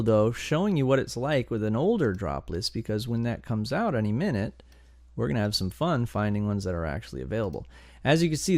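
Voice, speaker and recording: A man hosting a domain investing channel, talking through a live screen-share tutorial in an excitable, chatty way, thinking aloud as he goes. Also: lowish voice, dry recording. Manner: excitable and chatty, bursts of enthusiasm and groans.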